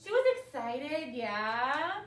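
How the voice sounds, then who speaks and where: This young woman speaks in a high voice at a slow pace, quizzing her third grade pupils encouragingly and with liveliness during a reading lesson. She was recorded from a distance across an echoey classroom, where a little hiss or hum mixes with faint classroom ambience.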